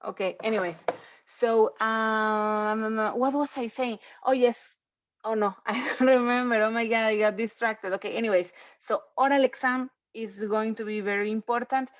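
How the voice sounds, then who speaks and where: A woman's voice: fairly high pitch, steady tone, normal speed, no room sound. A woman English teacher explaining rules to her class in an online lecture, chatty and repetitive, often checking in with "okay?". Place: home. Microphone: computer mic on video call. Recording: dull, lo-fi video call audio.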